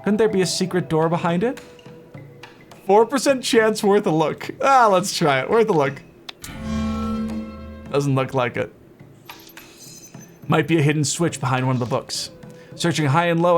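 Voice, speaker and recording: A man's voice: a little high, animated, moderate pace, pauses often, faint music behind. A man doing casual let's-play commentary, amused, reading game text aloud as he plays. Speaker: gameplay streamer.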